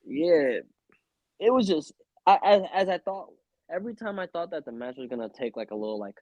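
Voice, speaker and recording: A young man co-hosting a casual wrestling podcast, loud and joking, often slipping into mocking voices. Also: a little high, lively intonation, brisk, no room sound, lo-fi sound. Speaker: podcast co-host.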